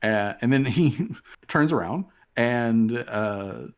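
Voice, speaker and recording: A man's voice: mid-range voice, expressive, slow, clear, resonant tone. A man running a tabletop game as game master, talking loosely with many fillers.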